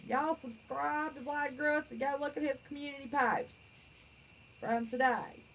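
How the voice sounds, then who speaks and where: A woman's voice: high-pitched, steady tone, unhurried, a bit bright, slight background noise, poor audio. A woman in her fifties hosting a livestream, chatting with viewers in a blunt, folksy, outspoken way. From West Virginia. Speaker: channel host. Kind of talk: livestream chat reading viewer comments.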